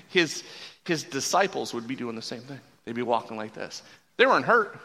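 Bright-voiced pastor preaching in a hall. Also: male voice, medium pitch, very animated, moderate pace, vocal fry. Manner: casual and joking, with frequent restarts. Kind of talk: sermon. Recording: long reverb from a large hall.

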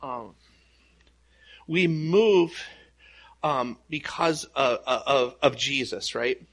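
A man's voice: mid-range voice, drawn-out words, fairly bright tone. A man preaching a sermon as pastor, casual and conversational, telling stories with many restarts and fillers.

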